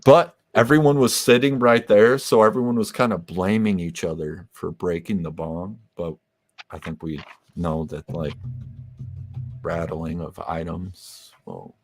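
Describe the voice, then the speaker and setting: Deep-voiced laid-back man swearing casually. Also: steady tone, normal speed, no room sound. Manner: laid-back, swears a lot, rambling with many fillers. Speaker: musician guest. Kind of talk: casual interview chat.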